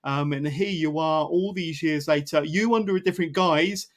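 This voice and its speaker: A man hosts a casual podcast interview with an enthusiastic, rambling delivery full of fillers. His voice sits fairly high for a man. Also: moderate pace. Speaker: podcast host.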